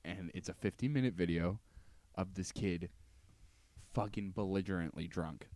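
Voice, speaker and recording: A man's voice: sits low, moderate pace, dark tone, no room sound. A man co-hosting a podcast in casual chat, telling stories with lots of swearing and laughter. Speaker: podcast co-host.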